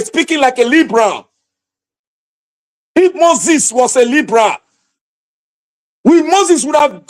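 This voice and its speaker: Nigerian guy on a livestream, really high voice, preachy and fired up, yells a lot. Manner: impassioned, preachy ranting with shouted outbursts. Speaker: livestream host. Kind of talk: livestream commentary.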